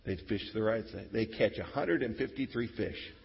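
A male pastor preaching a sermon in a church, telling a story with lively swings from soft to loud. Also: on the low side, normal speed, creaky, breathy edge. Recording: reverberant hall, dull lo-fi sound.

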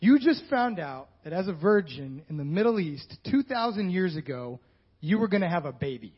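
A man's voice: high voice, sing-song, moderate pace, slightly rough. A male pastor preaching a sermon in a conversational style with joking asides. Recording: dull lo-fi sound.

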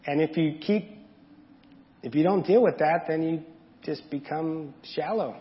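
A man's voice: fairly high pitch, a little slow. A man giving a candid, conversational sermon to a congregation, asking them questions and adding asides. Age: adult parent. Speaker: preacher. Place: church sanctuary. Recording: dull audio with long hall reverb.

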